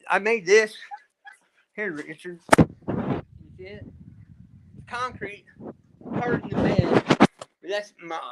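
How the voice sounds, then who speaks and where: A man's voice: on the high side, no echo. A man chatting casually on a live video call panel, rambling as he shows off things he built. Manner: rambling, shows off his stonework and builds. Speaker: panel guest.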